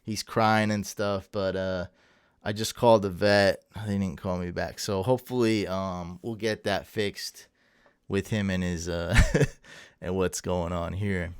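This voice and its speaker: A man hosting a late-night livestream, rambling and friendly as he reads out viewer comments and thanks people. His voice sits a little low and sounds clear and smooth. The sound is close and dry. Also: steady tone, measured pace, dry recording. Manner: chatty, rambling, thanks viewers and stumbles over names. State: tired. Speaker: livestream host. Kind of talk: casual livestream chat reading viewer comments. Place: home room.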